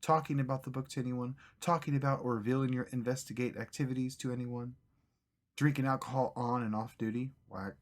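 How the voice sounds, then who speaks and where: A stern Soviet security official recites his orders in a thick mock Russian accent, as a man puts him on. The voice sits higher and louder than a normal speaking voice, and it stumbles and cracks with laughter as it goes. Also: steady tone, close to an everyday voice. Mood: commanding. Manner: halting, breaks off laughing.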